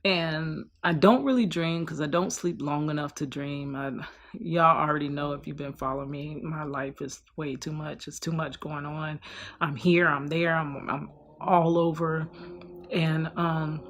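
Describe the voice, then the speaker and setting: A woman's voice: low-pitched, steady tone, moderate pace, slight background noise. A young woman talking in a personal vlog, weary and heartfelt, trailing off and restarting as she speaks. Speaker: vlogger.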